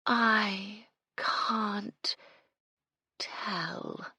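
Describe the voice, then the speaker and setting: A woman voicing a mystical, condescending bohemian woman who speaks in drawn-out, mysterious murmurs. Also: on the high side, very animated, breathy edge, dry recording, studio quality, voice pushed up, exaggerated voice. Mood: eerie.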